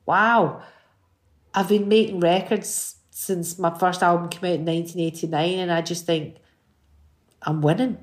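A woman's voice: fairly low pitch, normal speed. Chatty Scottish woman in her fifties. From Scotland. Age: 50s. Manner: chatty, animated storytelling with many restarts. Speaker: singer and guest. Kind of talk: casual interview chat.

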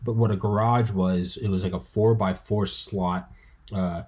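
Husky-voiced rambling podcast host man. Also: deep voice, measured pace. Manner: rambling, excitable, profane, with many restarts. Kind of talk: casual podcast chat. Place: home, with dogs around.

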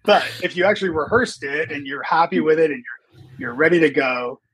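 A man who trains people in presenting, speaking as a podcast guest in a relaxed, explanatory way with many ums. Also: fairly high pitch, a little fast, breathy edge, poor audio. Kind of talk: casual podcast conversation.

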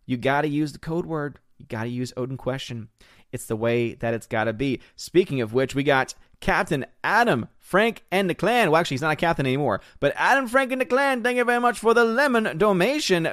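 A man's voice: mid-range voice, no echo, clean studio sound. A man in his thirties hosting a casual live stream, chatting upbeat and reading viewer comments aloud with playful voices. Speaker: livestream host.

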